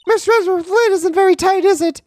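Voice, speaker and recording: A man voicing a bubbly young female assistant in a sing-song, teasing falsetto. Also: quick pace, a little mellow.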